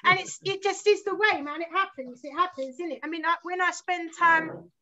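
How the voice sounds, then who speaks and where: Guest: London woman in her forties, very high and bright, sweary rambling storyteller, muffled lo-fi recording. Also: fairly quick. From South London, England. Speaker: guest musician. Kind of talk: casual chat. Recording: slightly muffled lo-fi sound.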